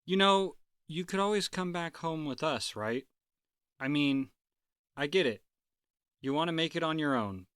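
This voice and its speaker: A woman voicing an older father who talks gently and hesitantly, worried for his daughter. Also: sits low, animated, measured pace, long pauses, clear, resonant tone, dry recording, clean studio sound, voice pushed down. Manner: hesitant, soft, pleading.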